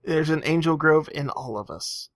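A man's voice: on the high side, moderate pace, no room sound, clean studio sound. A man co-hosting a podcast in casual chat, sarcastic and profane. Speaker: podcast co-host.

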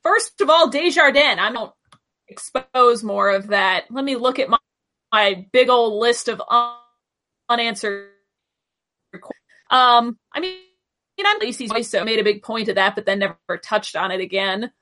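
A woman's voice: on the high side, moderate pace, sharp tone. A woman co-hosting a podcast, chatting casually and firing off questions from a list. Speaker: podcast co-host. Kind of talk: casual chat.

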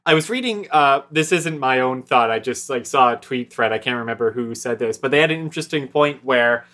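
A man from Buffalo, New York co-hosts a casual podcast. He rambles with plenty of hesitations. His voice is bright and sharp, at a middle pitch. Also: fairly quick. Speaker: podcast co-host. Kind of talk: casual chat.

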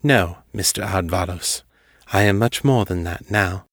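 A man's voice: low-pitched, unhurried, vocal fry, fairly bright tone, dry recording, clean studio sound, full character voice. A man reading a fierce woman vampire mother. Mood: determined. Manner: tense, demanding.

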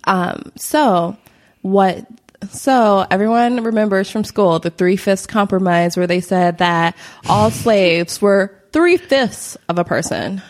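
A woman's voice: mid-range voice, takes it slowly. A woman co-hosting a podcast, explaining history in a rambling casual chat with many fillers and frequent laughter. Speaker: podcast co-host.

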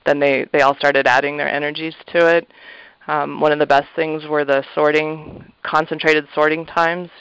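A man talking earnestly and reflectively as an interview guest, a thrift shop manager, with soft laughs and fillers. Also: fairly high pitch, gravelly, clear, resonant tone, no echo. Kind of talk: casual interview answers. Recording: slightly muffled, dull audio.

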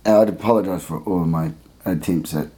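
A man's voice: low voice, fairly quick. A man telling a funny story in casual conversation, laughing and acting out the people in it. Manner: animated, laughing storyteller who acts out voices. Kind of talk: casual storytelling in a podcast chat.

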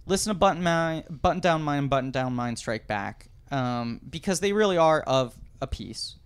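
A man in his thirties, a podcast guest telling an anecdote in casual chat, animated and digressive. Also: on the high side, normal speed, clear, resonant tone. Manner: animated, digressive storyteller, does voices.

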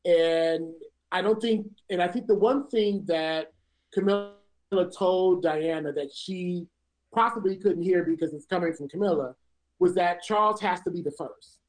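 A woman co-hosting a casual TV recap chat, making her points in a measured, analytical way. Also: fairly low pitch, a little mellow, rough recording. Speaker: podcast co-host. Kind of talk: casual chat about a TV series.

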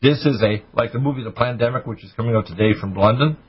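A man hosting a radio show, ranting urgently and preachily with sudden high-pitched bursts. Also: quick pace, slightly rough, highs cut off. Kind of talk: impassioned radio talk.

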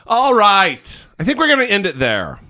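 A man's voice: sits high, huge pitch swings, moderate pace, bright, forceful tone. A man hosting a political podcast, talking in a heated, emphatic way and cursing freely. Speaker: podcast host. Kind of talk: casual political chat.

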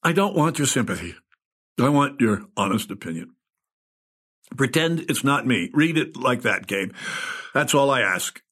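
Man as ailing older screenwriter, husky, sighing, rambling, pleading, audio drama. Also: mid-range voice, animated, a little slow, pauses often, fairly bright tone. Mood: weary. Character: ill older male screenwriter, wry and desperate. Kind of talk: audio drama with inner monologue.

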